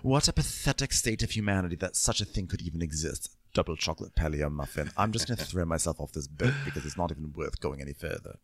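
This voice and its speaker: A man's voice: extremely low pitch, animated, fast, few pauses, no echo, clean studio sound. A man co-hosting a comedy podcast, recapping a reality show in a rambling, wry way. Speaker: podcast co-host.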